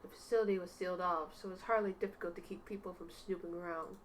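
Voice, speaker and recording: A woman voicing a sinister, cold male doctor in a game playthrough, speaking slowly and menacingly. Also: on the low side, fairly even intonation, slight background noise, close to an everyday voice. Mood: coldly menacing.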